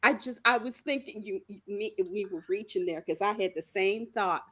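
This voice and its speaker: A woman's voice: mid-range voice, normal speed, pushed and bright, husky, dry recording. A woman in her sixties co-hosting a podcast, chatty and self-mocking in casual talk. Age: 60s. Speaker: podcast co-host. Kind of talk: casual chat.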